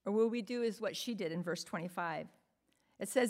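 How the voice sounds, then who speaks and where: A woman's voice: mid-range voice, lively intonation, normal speed, fairly bright tone. Earnest woman preaching a sermon. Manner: earnest, emphatic, asks rhetorical questions.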